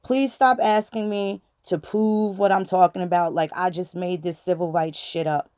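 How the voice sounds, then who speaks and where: A woman's voice: lowish voice, steady tone, moderate pace, a little mellow, smooth, dry recording, clean studio sound. A woman with hosting her channel, talking in a blunt, preachy, casual monologue full of slang and profanity. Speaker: channel host.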